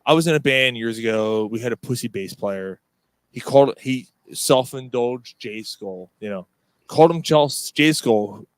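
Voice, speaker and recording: Animated, foul-mouthed man telling a story. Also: mid-range voice, normal speed, no echo. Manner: animated, profane, swears constantly, laughs through the story. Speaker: podcast host. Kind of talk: casual storytelling chat.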